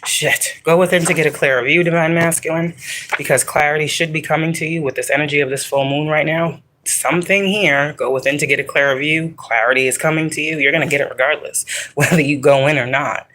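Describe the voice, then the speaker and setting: A woman talks through a spiritual tarot reading in a bright, forceful voice. She rambles and swears freely. She stresses her points with loose, emphatic repetition. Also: low voice, steady tone, fast talker, low-quality recording. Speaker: psychic tarot reader. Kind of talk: casual spiritual reading to viewers.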